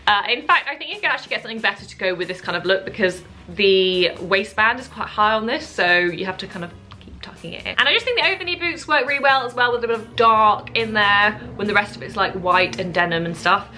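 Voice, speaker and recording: Young woman, twenties, fashion vlogger, bubbly, self-mocking, bright clear voice. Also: medium pitch, quick pace, soft background music. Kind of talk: casual chat to camera.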